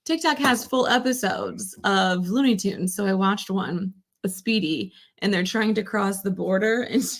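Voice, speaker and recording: A woman's voice: medium pitch, a little slow, hardly any pauses. A woman co-hosting a casual live stream, laughing often and telling rambling stories. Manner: giggly, rambling storyteller. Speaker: co-host.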